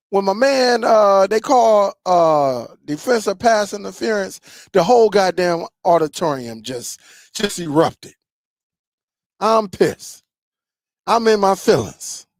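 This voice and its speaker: A man's voice: high-pitched, dry recording, clean studio sound. A man hosting a tech channel, ranting casually to his viewers, grumbling and repeating himself. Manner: animated, repeats himself, grumbling football rant.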